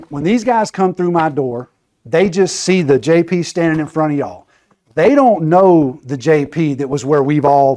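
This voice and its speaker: A man's voice: on the high side, darkish tone. A man giving a casual training talk, chatty and conversational, often checking in with "right?". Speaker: training presenter.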